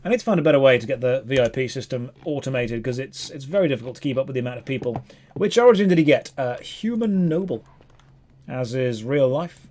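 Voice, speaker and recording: A man streaming a game, chatting playfully with quick asides. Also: medium pitch, dark tone. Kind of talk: casual gameplay commentary.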